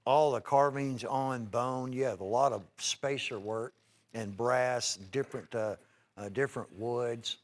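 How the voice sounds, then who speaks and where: A man's voice: mid-range voice, unhurried. Man, TV shopping host, folksy, eager sales patter, chatty, lots of fillers. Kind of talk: live TV shopping sales pitch.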